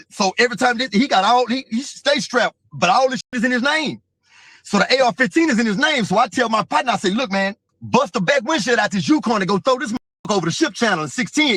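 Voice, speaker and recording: A man's voice: high voice, pushed and bright, breathy edge, no echo. A man telling a profane, vivid story as an interview guest. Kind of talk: casual storytelling.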